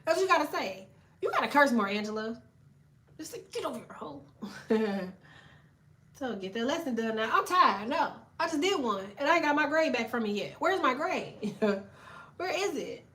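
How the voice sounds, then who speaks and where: Brief: brash woman tarot streamer, fairly high voice, swears constantly, animated and laughing. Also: moderate pace. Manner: profane, animated, laughing, reads chat aloud. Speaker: tarot reader. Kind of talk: live tarot stream chat.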